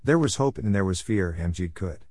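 A man's voice: deep voice, animated, normal speed, darkish tone, no room sound, clean studio sound. A man reading a comic story aloud as narrator, playfully voicing the characters' lines.

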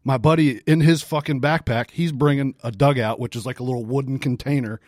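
A man co-hosting a podcast, telling a story in a casual, profane, animated way with frequent laughs. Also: medium pitch, a little fast, dry recording, clean studio sound. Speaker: podcast co-host.

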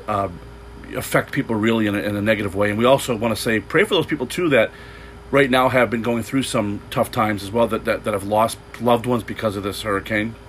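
A man's voice: on the low side, a little fast, slight background noise, poor audio. A man preaching an unscripted sermon, loose and rambling, with frequent restarts and repeated words. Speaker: pastor.

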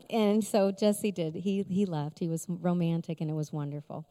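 In a large conference hall, a middle-aged woman shares an emotional personal testimony as a conference speaker, telling her story with frequent laughs. Her voice is lowish and dark in tone, at normal speed with hardly any pauses, and long hall reverb surrounds it.

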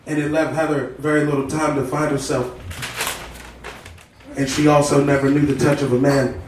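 A man reading a story aloud at a live comedy show, deadpan, with stumbles and asides. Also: on the high side, moderate pace. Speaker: comedy reader. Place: live comedy stage indoors. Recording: echoey room, distant mic, noisy.

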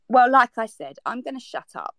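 A woman's voice: bright, forceful tone, no room sound. Exasperated woman in a heated argument. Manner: exasperated, defensive, pitch jumping up when upset. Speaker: participant in a social audio chat.

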